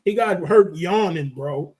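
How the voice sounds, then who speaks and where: A man co-hosting a sports podcast, talking in loose, joking banter and telling animated stories. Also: sits high, a little slow, noisy background. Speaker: podcast co-host.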